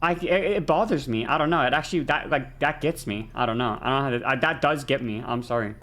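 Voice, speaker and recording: A woman's voice: a bass voice, fast talker, a bit bright. Foul-mouthed ranting woman streamer. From not American. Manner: ranting, heavy swearing, frequent restarts. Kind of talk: casual chat while gaming on stream.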